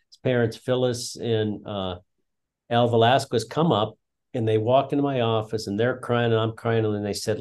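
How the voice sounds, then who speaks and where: A man's voice: mid-range voice, darkish tone. An older man, a retired school principal, telling long, earnest stories as a guest in an interview. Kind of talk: reflective interview storytelling.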